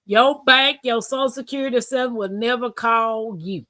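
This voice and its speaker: A woman hosting a live-stream talk show, chatting casually, reading comments aloud and telling stories with animated bursts and laughter. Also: on the high side, moderate pace, no room sound. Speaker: livestream host.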